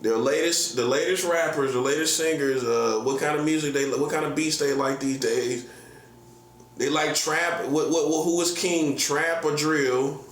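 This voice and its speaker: A man's voice: on the high side, steady tone, normal speed. A man in his forties, a prophet, ranting casually in slangy, repetitive, boastful talk. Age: 40s. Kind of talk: casual vlog rant. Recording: echoey room with faint hum.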